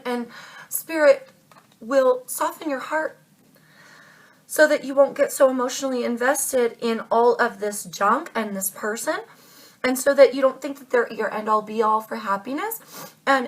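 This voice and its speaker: A woman's voice: high voice, moderate pace, breathy edge. A woman giving a tarot reading to her viewers, earnest and insistent, repeating her points and calling listeners babe and darling. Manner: emphatic, insistent advice. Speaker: tarot reader.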